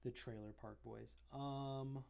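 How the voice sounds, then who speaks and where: A man's voice: medium pitch, fairly even intonation, slow pace, vocal fry, dark tone. A man live-streaming his drawing, rambling casually and chatting fondly to his cat between remarks about the work.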